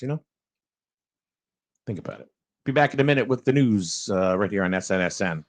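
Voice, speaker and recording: A man's voice: on the low side, brisk, pauses often. New guy hosting morning radio, loose and chuckly, lots of uhs. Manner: loose, chuckling, rambling with fillers. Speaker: radio show host. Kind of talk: casual morning talk radio chat.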